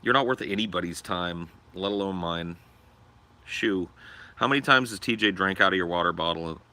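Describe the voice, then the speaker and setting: A young man with a very low voice and a hard, forceful edge chats casually on a livestream. He is crude and profane, joking his way along. His delivery stays loose and unscripted. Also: moderate pace. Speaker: livestream host.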